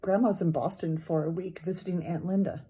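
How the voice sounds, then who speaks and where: A woman voicing a practical, gentle mother who speaks in a matter-of-fact way. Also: on the low side, steady tone, a little fast, breathy edge.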